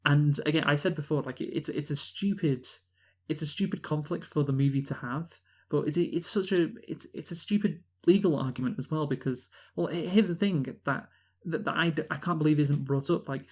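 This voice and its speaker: A man's voice: a little high, normal speed. Rambling British man reviewing a film. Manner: rambling, many restarts and "like" fillers. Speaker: podcast co-host, film reviewer. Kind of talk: casual chat.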